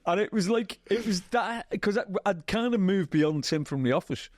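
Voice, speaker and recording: A man with a Liverpool accent, a TV writer being interviewed, telling anecdotes in a lively, chatty way, acting out quotes and laughing often. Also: high voice, normal speed, no room sound, clean studio sound. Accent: Liverpool (Scouse). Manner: animated storyteller, acts out quotes, laughs often. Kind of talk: casual anecdotal interview chat.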